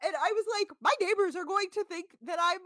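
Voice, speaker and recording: A woman's voice: very high-pitched, fast, fairly bright tone, no echo, clean studio sound. A woman co-hosting a casual podcast, animatedly recapping a reality show, laughing and swearing as she tells it. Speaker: podcast co-host. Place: apartment home.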